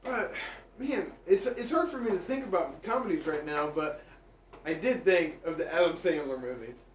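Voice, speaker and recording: A man's voice: fairly high pitch, animated, moderate pace, slight background noise. A man co-hosting a casual podcast, laid-back, mostly giving short agreeing replies. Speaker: podcast co-host. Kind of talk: casual chat. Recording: distant mic in an echoey room.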